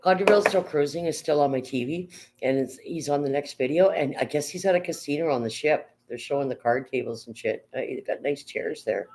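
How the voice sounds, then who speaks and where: A woman's voice: sits low, fairly quick, darkish tone, slight background noise, poor audio. An older woman hosting a casual livestream from home, rambling and reading viewers' comments aloud with casual swearing. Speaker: livestream host.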